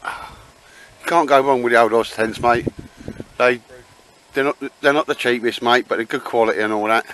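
A man's voice: mid-range voice, steady tone, moderate pace, fairly bright tone, slight background noise, rough recording. A man bantering and joking with friends outdoors at a campsite. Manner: joking, teasing, chatty with lots of "mate" and "sir". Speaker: vlogger. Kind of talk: casual banter.

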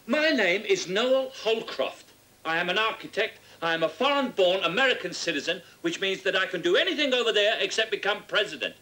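A man's voice: high-pitched, lively intonation, fairly quick, pushed and bright. An exasperated architect in a film, defending himself against accusations. He is indignant and pushes his voice up as his patience runs out. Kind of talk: feature film dialogue.

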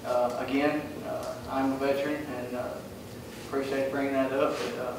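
A man with a Southern US accent giving a candidate forum speech, halting and full of fillers. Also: mid-range voice, little pitch movement, noisy background. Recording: echoey room, mic far off.

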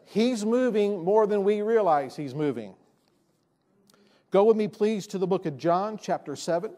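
A pastor preaches to his church in a high-pitched man's voice. He presses his points hard and repeats his key lines for emphasis. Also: lively intonation, a little slow, warm tone. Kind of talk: sermon. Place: church sanctuary.

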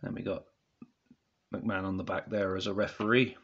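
A man's voice: deep voice, flat delivery, normal speed, a bit bright, lo-fi sound, slight background noise. A man casually reviewing a wrestling DVD set to camera at home, rambling and often apologising to viewers. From United Kingdom.

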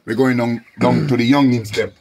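A man's voice: medium pitch, steady tone, normal speed, creaky, darkish tone, a little hiss or hum. A Jamaican man hosting a live stream to sell chickens, talking casually in patois and repeating his phrases.

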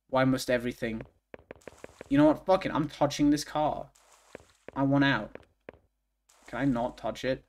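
Excitable, swearing male game streamer. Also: medium pitch, a little slow, pauses often. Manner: excitable, profane, swings from mumbling to yelling. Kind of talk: live gaming commentary.

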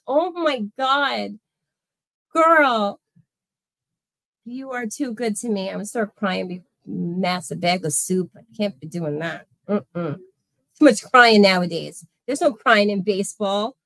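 Gushing thirties woman livestreaming, a bit high. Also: a bit bright, dry recording. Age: 30s. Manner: effusive, thanking viewers by name. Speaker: livestream host. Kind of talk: casual livestream chat.

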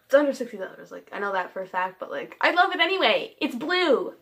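A woman's voice: fairly high pitch, sing-song, fast, vocal fry, a bit bright. A teenage girl chatting casually on her vlog, giggly, scattered and self-deprecating, jumping from one thing to the next. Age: teens. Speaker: vlogger. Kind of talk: casual rambling vlog chat.

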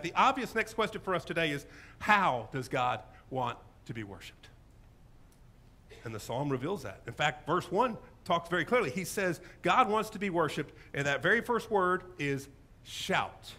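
A man delivers a sermon as pastor, his voice sitting fairly high and leaping all over the place. He is enthusiastic and full of jokes, swinging between big exclamations and softer asides. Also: moderate pace. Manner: animated, humorous, enthusiastic.

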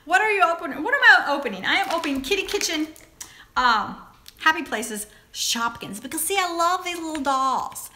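A woman hosting a casual live chat, reading viewer comments aloud and gasping and squealing over small toys. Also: noisy background. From Southern United States. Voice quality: giggly, exclamatory, high and animated. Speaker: live stream host.

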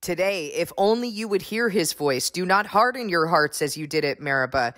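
A woman preaching a stern sermon, pressing her listeners with forceful rhetorical questions. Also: lively intonation, normal speed, dry recording. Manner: forceful rhetorical questions, rising pitch when pressing the point.

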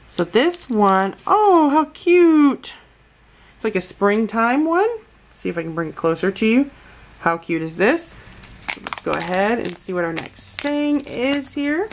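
A woman's voice: medium pitch, gravelly, noisy background. A woman vlogger from the United States chatting casually through a toy unboxing, gushing and calling her viewers guys.

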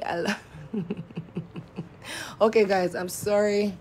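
A young woman chatting slowly and playfully on a late-night livestream, her voice tired and a little croaky. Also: medium pitch, steady tone, a little mellow. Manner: slow, drawling, playful. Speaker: livestreamer reading comments. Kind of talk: late-night live stream chat.

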